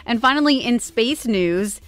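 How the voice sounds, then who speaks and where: A woman's voice: a little high, expressive, measured pace, a bit bright, no room sound. A woman from Canada co-hosting a morning radio show, chatty as she walks through news items in a studio. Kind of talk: casual radio banter.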